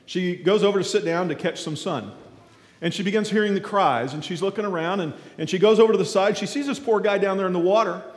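A man speaking as a guest at a church, telling a folksy story as a sermon. He talks haltingly with many fillers, then gets lively and shouts out the characters' cries. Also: high-pitched. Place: large echoing church hall. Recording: echoey hall with long reverb.

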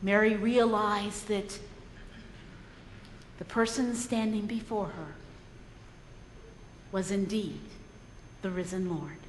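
A woman's voice: medium pitch, steady tone, slow pace, pauses often, a little hiss or hum. A woman preacher retelling a story in a sermon, earnest and reflective, often repeating words as she goes. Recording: echoey hall.

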